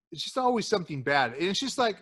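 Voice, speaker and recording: A man with a slightly high voice co-hosts a podcast in crude, casual chat. He swears nonstop, throws "dude" around, and tells stories with lively energy. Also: slightly rough. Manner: profane, swears constantly, calls listener "dude"; animated storyteller, acts out quotes. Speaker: podcast co-host.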